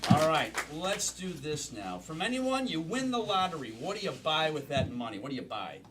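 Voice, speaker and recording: A man's voice: on the high side, big pitch swings, normal speed, very noisy. A man in his fifties hosting a live improv comedy show on stage, hyping up the crowd and explaining the games. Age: 50s. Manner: upbeat, hypes the crowd.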